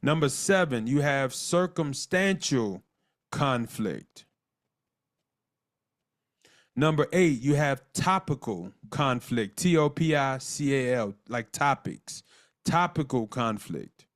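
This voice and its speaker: A man's voice: medium pitch, expressive. Earnest man teaching a marriage class. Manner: earnest, repeats words, dictates lists slowly and spells terms out. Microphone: call audio.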